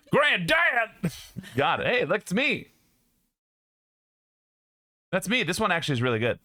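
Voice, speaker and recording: A man's voice: fairly high pitch, very animated, moderate pace, long pauses, bright, forceful tone, no room sound, studio quality. A young man streaming live, chatting casually with his viewers and joking and laughing a lot.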